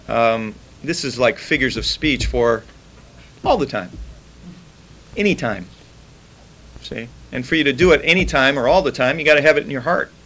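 Male preacher, mid-pitched, plain conversational delivery, slows for scripture readings. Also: fairly bright tone, low-quality recording. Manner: conversational, reads scripture slowly, repeats key words. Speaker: bible teacher. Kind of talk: informal sermon.

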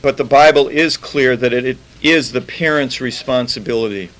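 A man giving an informal Bible teaching, chatting plainly between slow, deliberate scripture readings. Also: medium pitch, fairly bright tone, poor audio. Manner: conversational, reads scripture slowly, repeats key words. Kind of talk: informal sermon.

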